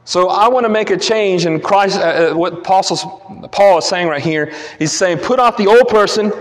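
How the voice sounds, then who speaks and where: A man preaches an earnest verse-by-verse sermon in a slightly high voice. He often restarts his phrases as he explains the text. His voice carries a long reverb from a church hall. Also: normal speed. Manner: earnest teaching, frequent restarts. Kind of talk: expository sermon.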